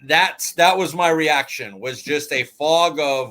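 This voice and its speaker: A man with a fairly high voice co-hosts a sports podcast. He speaks reflectively, in halting phrases and restarts. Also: sharp tone. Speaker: podcast co-host. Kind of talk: casual sports chat.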